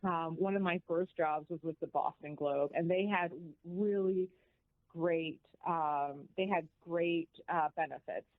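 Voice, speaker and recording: An animated woman tells her story with plenty of emphasis, a guest on a radio show. She comes through a tinny phone line with a dry, close sound and no room around her. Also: lowish voice, measured pace, no echo. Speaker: guest, financial educator. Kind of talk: radio interview.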